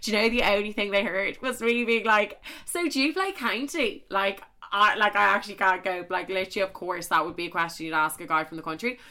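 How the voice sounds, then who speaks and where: A woman's voice: mid-range voice, fairly quick, few pauses, bright, forceful tone. A young Irish woman telling a story in a casual chat to camera, swearing freely and filling her talk with "like". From Ireland. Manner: chatty, swears a lot, full of "like" fillers.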